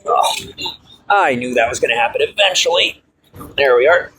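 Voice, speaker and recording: A man walks and talks into his handheld camera on a city sidewalk, chatty and blunt with a habit of swearing. His voice sits at an ordinary middle pitch. Faint street noise hums behind him. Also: expressive, moderate pace, bright, forceful tone, poor audio. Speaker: vlogger. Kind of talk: casual walking vlog.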